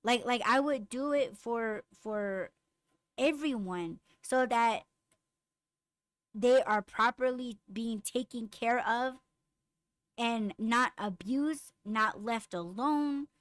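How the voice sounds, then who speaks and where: A woman hosting a podcast, chatting casually and bluntly with lots of swearing, getting raised and animated when riled. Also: on the high side, takes it slowly, no echo. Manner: blunt, profane storytelling. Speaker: podcast host. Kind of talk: casual chat with live comments.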